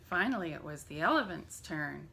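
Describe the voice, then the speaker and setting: Woman storyteller for a church family hour; bright, lively, unhurried. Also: sits low, gravelly, a little hiss or hum. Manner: expressive storyteller. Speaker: church family program leader. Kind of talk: reading a children's story aloud.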